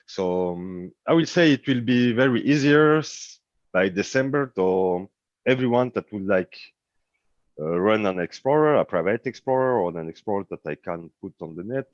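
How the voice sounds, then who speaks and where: Hesitant French-accented man, low voice. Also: expressive, moderate pace, no room sound, lo-fi sound. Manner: hesitant, many fillers and restarts, searching for words. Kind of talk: online community meeting update.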